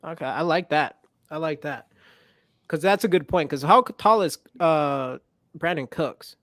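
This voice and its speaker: A man's voice: fairly high pitch, measured pace, a bit bright, dry recording, studio quality. A man hosting a casual sports podcast, who laughs easily and keeps the talk moving. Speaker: podcast host.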